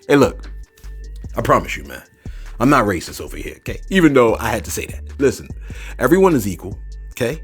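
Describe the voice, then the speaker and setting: A man's voice: medium pitch, sing-song, normal speed, long pauses, slightly rough, faint music behind. A man hosting a commentary video, talking loosely, repeating words and tagging lines with "man". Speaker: commentary channel host. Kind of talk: casual spoken commentary.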